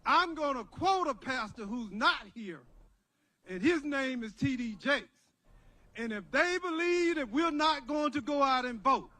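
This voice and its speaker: A man's voice: very high-pitched, bright, forceful tone. An older man speaking at an outdoor rally, leading a preacher-style call-and-response. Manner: preacherly, rousing, repetitive.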